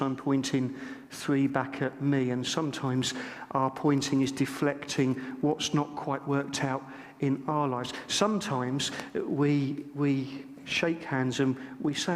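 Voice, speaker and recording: A man's voice: mid-range voice, flat delivery, unhurried. A middle-aged man, a lead minister, preaching a sermon and telling stories with humour, acting out the dialogue in them. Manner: humorous storytelling, acting out dialogue. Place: church sanctuary. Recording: long church reverb.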